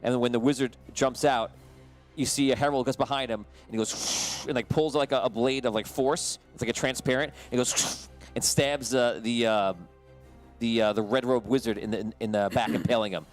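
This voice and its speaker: A man's voice: medium pitch, steady tone, a little fast, soft background music. A man narrating as game master of a tabletop game, talking loosely with many restarts and fillers.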